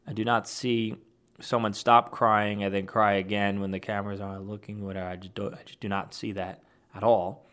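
A man's voice: lowish voice, little pitch movement, a little fast, fairly bright tone, smooth. A man giving an argumentative, dismissive reaction as an online commentator, reacting to a clip and reading posts aloud.

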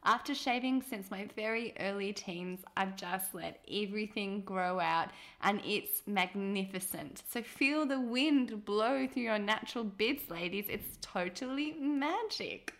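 A woman's voice: mid-range voice, animated, a little slow, hardly any pauses, a bit bright. A woman, co-hosting a casual chat in a cheeky, teasing way and laughing easily. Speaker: podcast co-host.

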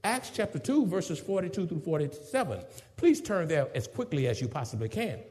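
A man preaching from the pulpit, his high voice leaping up and down as he moves from shouted praise to rapid teaching asides. The sound rings with a long echo through a large church hall. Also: very animated. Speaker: pastor. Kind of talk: sermon.

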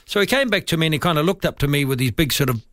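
An older man, a rugby pundit telling stories in casual radio chat, with halting restarts. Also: on the high side, animated, fairly bright tone, no room sound. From New Zealand. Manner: rambling storyteller, halting restarts.

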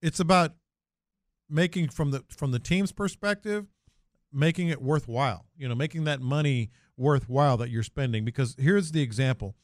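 A man's voice: on the high side, moderate pace, no echo, clean studio sound. A man co-hosting a sports radio show in a laid-back way, walking through figures methodically. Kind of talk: casual sports talk.

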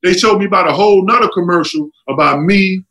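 A middle-aged man telling stories in a casual chat, animated and acting out what others said. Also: quick pace, low-quality recording. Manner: animated, acts out quotes with jumps in pitch. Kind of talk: casual storytelling.

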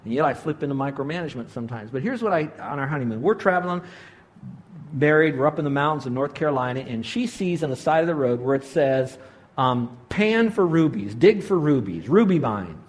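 A man in his sixties preaching a sermon, telling a story with animated delivery and acted-out quotes. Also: brisk. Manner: animated storytelling, voices quotes with big pitch jumps. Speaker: pastor.

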